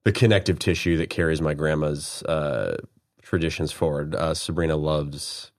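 A man chatting casually on a podcast, halting and self-deprecating, with restarts. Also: very deep voice. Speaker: podcast guest, comedy screenwriter. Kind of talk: casual chat.

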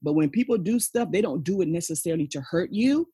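Animated and fast, a woman in her forties talks in a lowish, dark, husky voice as a podcast guest, recorded dry. She tells her personal story in conversation, frank and emphatic, often ending lines with "okay?" and "you know."

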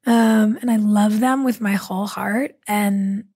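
A woman guest in a casual interview, telling stories animatedly with quick asides. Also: mid-range voice, fairly even intonation, a little mellow, slightly rough. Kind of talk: casual conversational storytelling.

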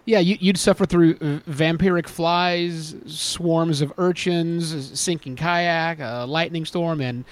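A man's voice: on the high side, fairly even intonation, slow, few pauses. A man hosting a casual podcast chat, making wry, jokey remarks. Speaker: podcast host.

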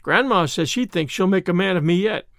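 A man's voice: sits high, lively intonation, brisk, vocal fry, a bit bright, no room sound, studio quality, full character voice. A man reading the part of an eager, earnest little boy with polite, old-fashioned speech.

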